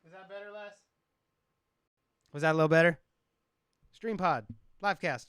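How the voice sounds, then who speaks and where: A man's voice: high voice, very animated, normal speed, pauses often, a bit bright, dry recording, clean studio sound. A man who produces music, hosting a casual live stream, rambling, joking and swearing a lot. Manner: profane, rambling, joking with chat.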